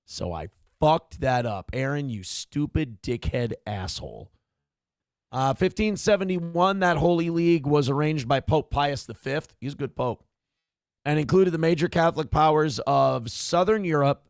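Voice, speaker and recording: A man's voice: fairly high pitch, animated, moderate pace, dry recording, clean studio sound. A man hosting a livestream who rambles, swears freely and reads viewer messages aloud. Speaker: livestream show host. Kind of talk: casual livestream chat.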